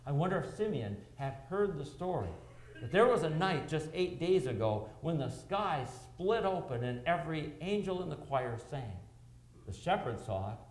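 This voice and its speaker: A middle-aged man preaching a sermon as pastor, with animated delivery, rhetorical questions and dramatic pauses. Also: mid-range voice. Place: church sanctuary. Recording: roomy church echo.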